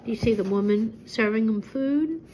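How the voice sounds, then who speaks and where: Older woman, storybook reading, gentle, chatty asides, slightly high voice. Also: normal speed, slight background noise, rough recording. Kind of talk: reading a children's book aloud.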